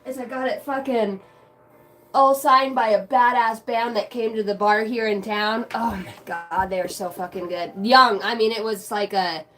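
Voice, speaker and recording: A woman's voice: on the high side, steady tone, moderate pace, a bit bright. A woman chatting casually on a live stream, brash and profane, laughing often.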